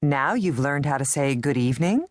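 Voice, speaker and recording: A woman narrating a language course in a clear, patient, guiding way. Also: extremely low pitch, animated, moderate pace, dry recording, studio quality. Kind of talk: scripted instructional narration.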